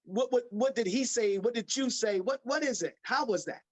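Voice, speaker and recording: A man's voice: extremely high pitch, moderate pace. A male interviewer in a casual conversation who trips over his words as he goes. He repeats himself and restarts while working his way toward each question. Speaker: interviewer, host.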